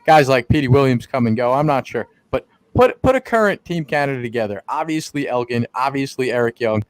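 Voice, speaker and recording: Animated teasing podcast co-host man. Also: mid-range voice, a little fast, dry recording. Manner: animated, teasing, playful insults. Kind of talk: casual wrestling podcast chat.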